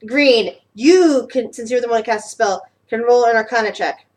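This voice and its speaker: A woman narrating as game master of a tabletop game, casual and halting. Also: a little high, darkish tone. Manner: casual, hesitant narration with fillers.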